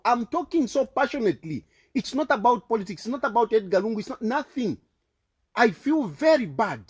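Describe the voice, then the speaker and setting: A man's voice: extremely high pitch, very animated, moderate pace, a little mellow, breathy edge. A man with a Zambian accent delivering an impassioned, repetitive political rant, accusing and fervent. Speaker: political commentator.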